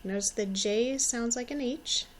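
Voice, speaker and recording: A woman in her forties teaches young children at a slow, careful pace and repeats each word so they can echo her. Her voice sits a little high, and she sounds warmly encouraging. A faint hiss of noise runs under the recording. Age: 40s. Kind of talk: slow, patient classroom instruction.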